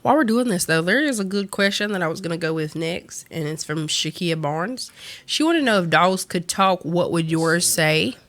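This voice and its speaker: A woman's voice: on the low side, expressive, moderate pace, fairly bright tone. A woman co-hosting a casual livestream chat, talking in a playful, joking way. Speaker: co-host.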